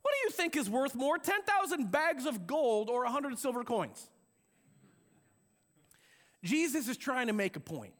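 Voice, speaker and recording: High-voiced animated male pastor. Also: measured pace, pauses often. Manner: animated, conversational preaching with acted-out quotes. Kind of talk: sermon. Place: church sanctuary with a balcony.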